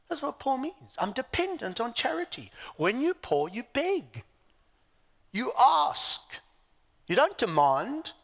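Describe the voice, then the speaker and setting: A man's voice: very high-pitched, very animated, slow, gravelly, a bit bright, in a large hall. A man preaching a sermon, emphatic, asking his listeners rhetorical questions, with dry self-deprecating asides. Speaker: pastor.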